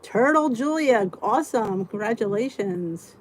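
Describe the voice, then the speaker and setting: A woman's voice: a little high, expressive, unhurried, poor audio. A woman in her fifties hosting a casual live support chat, ranting and talking straight to her viewers, greeting them by name. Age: 50s.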